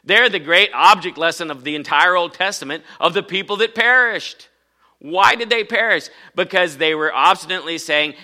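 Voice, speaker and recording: A man's voice: high-pitched, moderate pace, sharp tone. A man, a pastor, preaching a sermon in church, emphatic and often asking the congregation questions.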